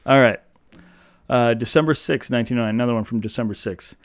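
A man's voice: medium pitch, fast talker, dry recording, clean studio sound. A man co-hosting a podcast, reading old love letters aloud in a mock-romantic voice and laughing often. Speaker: podcast co-host.

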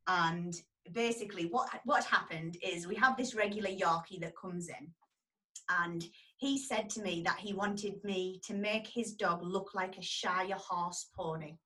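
A woman, telling a story about her dog grooming salon in a casual, animated way and acting out the people in it. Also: lowish voice, measured pace, recorded from a distance, poor audio.

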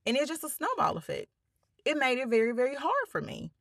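A woman's voice: high-pitched, huge pitch swings, a little fast, gravelly, a bit bright, no room sound, studio quality. A woman hosting a podcast, telling listeners her personal story with emphatic, blunt language and holding back tears. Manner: emphatic, addresses listeners as y'all, frequent swearing. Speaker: podcast host.

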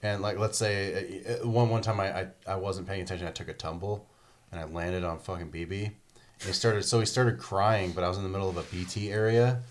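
A man with a very low, deep voice chats loosely about a game he loves. He rambles, restarts and swears freely, and drops into little acted-out quotes along the way. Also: steady tone, a little fast, slight background noise. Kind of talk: casual chat about a video game.

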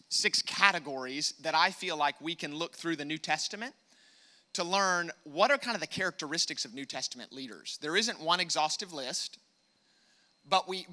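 High, bright American preacher. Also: male voice. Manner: emphatic preaching, rising loud on key points, repeats words; calls on the congregation to respond. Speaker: pastor. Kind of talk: sermon.

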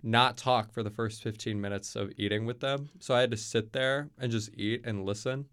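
A man's voice: medium pitch, steady tone, normal speed, fairly bright tone, clean tone. A young man from Kentucky, a college student guest, telling stories in a casual interview with lots of fillers. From Kentucky, USA. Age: young adult. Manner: chatty, storytelling, many fillers.

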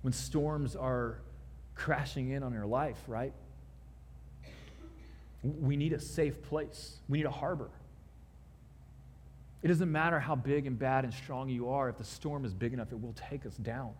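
A man's voice: medium pitch, fairly even intonation, measured pace, long pauses, slight background noise. A man preaching a sermon in a casual, conversational way, building up to emphatic peaks. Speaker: pastor. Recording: long hall reverb.

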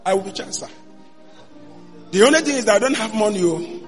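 A man, a pastor telling his story in a sermon, dropping to a hush and then bursting into shouts. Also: high-pitched, expressive, a little fast. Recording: long hall reverb with faint music.

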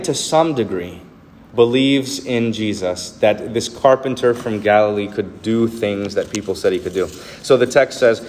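A man's voice: mid-range voice, darkish tone, slight background noise. Man preaching in a reverberant hall. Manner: earnest, acts out quoted speech. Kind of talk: sermon. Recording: reverberant hall, faint ambience.

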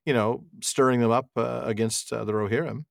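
A man's voice: mid-range voice, brisk, gravelly, dry recording, studio quality. A man hosting a book podcast, chatting casually and joking, laughing often. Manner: jokey, animated, laughs often. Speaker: podcast host reading the book. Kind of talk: casual chat.

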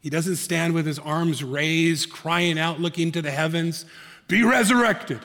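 A male pastor preaching a sermon, earnest, dropping to soft hushed tones and rising to emphatic peaks. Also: fairly high pitch, flat delivery, measured pace, big-room sound.

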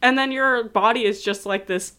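Chatty woman talking games with a friend, animated, laughs a lot. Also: on the high side, normal speed, clean tone. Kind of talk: casual chat.

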